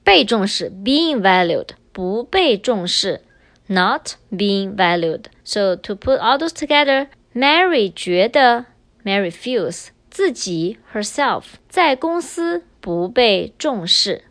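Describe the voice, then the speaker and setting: A woman's voice: mid-range voice, big pitch swings, slow pace, a bit bright, dry recording. A woman teacher explaining grammar patiently in a recorded language lesson, moving between English and Chinese.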